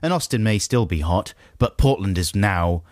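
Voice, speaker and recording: A man's voice: lowish voice, lively intonation, normal speed, dry recording. A man, co-hosting a radio show in casual, playful, rambling banter from a studio. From England. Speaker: radio host. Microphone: studio mic.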